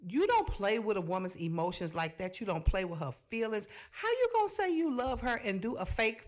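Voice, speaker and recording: A woman hosting a reaction video, giving sassy, animated commentary straight to her viewers. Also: mid-range voice, brisk.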